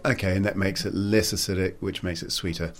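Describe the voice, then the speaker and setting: A man with a fairly low voice hosts a relaxed conversation. He talks in a loose, chatty way, full of fillers and self-deprecating asides. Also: a little fast. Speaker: podcast host. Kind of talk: casual conversational interview.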